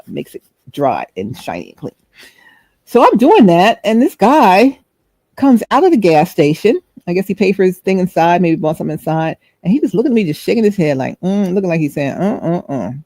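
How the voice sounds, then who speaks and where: A woman's voice: low-pitched, expressive, a little fast, warm tone, no echo. A middle-aged woman hosting a vlog, telling a chatty, rambling story and searching for words as she goes. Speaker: host.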